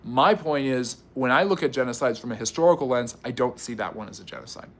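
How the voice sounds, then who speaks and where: American man, livestream host, rapid chatty delivery answering chat, playful teasing tone. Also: medium pitch, animated, fairly bright tone. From United States. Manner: quick, chatty, teasing, with many fillers and restarts. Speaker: history channel livestream host. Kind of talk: live stream reading and answering chat comments.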